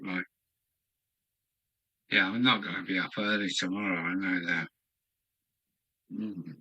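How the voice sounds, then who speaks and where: Slow, bright-voiced older Englishman musing. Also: deep voice, fairly even intonation, husky, poor audio. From England. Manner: musing aloud to himself, unhurried. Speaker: model railway streamer. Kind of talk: rambling live-stream chat. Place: home hobby room.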